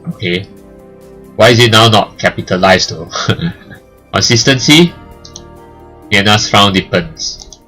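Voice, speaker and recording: Let's play host, male, lowish voice, casual, jokey, reads narration aloud. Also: slow, long pauses, soft background music. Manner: joking, laughs at the story, gets loud when excited. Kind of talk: reading game text aloud with casual commentary.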